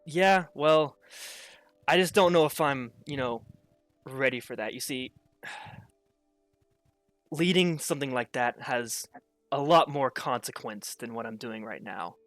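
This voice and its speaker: A man's voice: mid-range voice, takes it slowly, pauses often, a bit bright, dry recording, faint music behind. A man doing a stammering, earnest head bodyguard. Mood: hesitant. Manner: hesitant, stammering.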